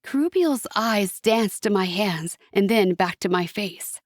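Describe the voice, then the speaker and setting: A woman reading a fantasy audiobook in a steady, expressive narration. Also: mid-range voice, a little slow, hardly any pauses, no echo, clean studio sound.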